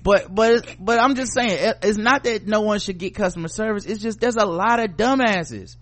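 A man's voice: high voice, normal speed. A man co-hosting a casual podcast chat, swearing freely and slipping into mocking voices. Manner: profane, animated, does mocking voices. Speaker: podcast co-host.

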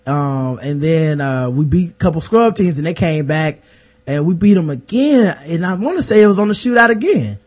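Young guy, pretty high voice, laid-back storytelling, lots of likes and ums. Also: expressive, normal speed, darkish tone. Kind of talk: casual storytelling chat.

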